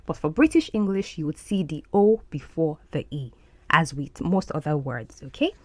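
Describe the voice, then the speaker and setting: A woman hosting an English lesson podcast, breaking down words from film scenes. Her lower voice moves up and down in an animated way, and she repeats key words slowly so learners catch the sounds. The recording is dry and close. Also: no room sound. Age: adult. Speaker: podcast host and English teacher.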